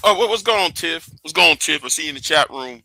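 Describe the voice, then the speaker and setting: A man's voice: fairly high pitch, lively intonation, fast talker, pushed and bright, no echo, low-quality recording. A man hosting a casual livestream, talking in a stop-start way and repeating words and catchphrases. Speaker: livestream host.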